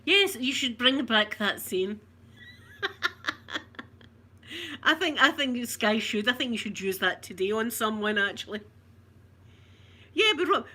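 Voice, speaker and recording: A woman's voice: mid-range voice, moderate pace, pushed and bright. A Scottish woman from Scotland in casual live chat, talking to viewers, laughing often and reading out their comments. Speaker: vlogger.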